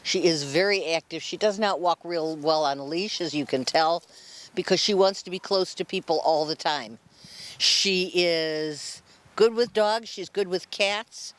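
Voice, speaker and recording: A woman's voice: on the low side, measured pace. A woman hosting an animal show, introducing shelter dogs for adoption with heaps of praise and chatty asides to the dogs and crew.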